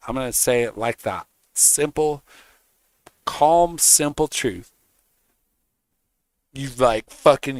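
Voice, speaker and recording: A man's voice: medium pitch, fairly bright tone, dry recording. A man streaming, ranting casually in a heated, mocking way, swearing constantly. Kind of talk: casual rant.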